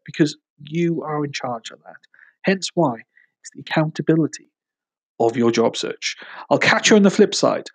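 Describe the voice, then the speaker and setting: A man's voice: a little high, breathy edge, rough recording. A Welsh man hosting a casual podcast, rambling and enthusiastic, often restarting his sentences. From Wales. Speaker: podcast host, recruiter.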